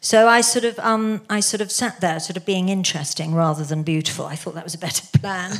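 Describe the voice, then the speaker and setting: A middle-aged woman chatting as a guest on a theatre stage, telling lively, self-mocking stories with frequent laughs. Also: fairly low pitch, brisk. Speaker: podcast guest. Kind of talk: casual chat. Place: theatre stage before an audience.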